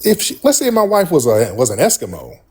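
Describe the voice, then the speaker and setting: A man's voice: medium pitch, wildly swooping pitch, brisk, darkish tone, slightly rough. A man hosting a livestream call-in debate, combative and repeating pointed questions at a caller. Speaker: livestream host.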